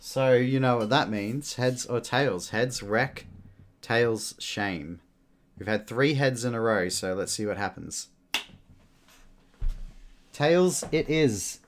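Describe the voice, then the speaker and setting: A man's voice: mid-range voice, slow pace, pauses often. A man giving laid-back, chuckling commentary while streaming a video game. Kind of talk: casual gameplay commentary.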